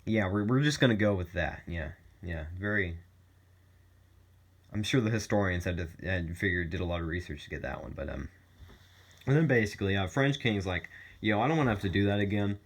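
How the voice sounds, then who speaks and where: A man's voice: deep voice, animated, moderate pace, breathy edge. A male student giving a casual, rambling, irreverent spoken summary full of fillers.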